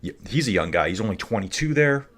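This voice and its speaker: A man's voice: on the low side, sing-song, fast, fairly bright tone. A man hosting a live stream, talking casually with rambling, jokey asides. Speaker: cycling stream host.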